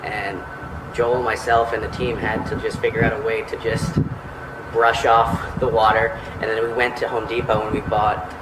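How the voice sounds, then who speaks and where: A man recalling a past event in an interview, in a plain and halting way. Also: mid-range voice. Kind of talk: interview recollection. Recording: echoey, distant, with air conditioning hum.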